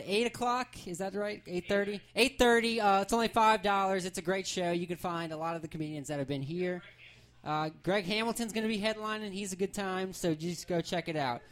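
Comedy show emcee, mid pitch, loose chatty plugs with fillers, club stage. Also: fairly quick, fairly bright tone. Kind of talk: emcee announcements.

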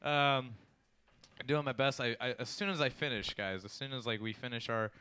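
Young man, crisp and bright, dry close sound, animated storyteller. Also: mid-range voice, normal speed, no room sound. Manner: laughing, animated, acts out quotes. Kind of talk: casual storytelling among friends.

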